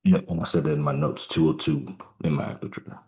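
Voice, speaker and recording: A man giving halting live trading commentary, musing aloud with many fillers and restarts, sounding tired. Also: rumbling low, fairly even intonation, a little mellow. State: yawning, tired. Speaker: trader.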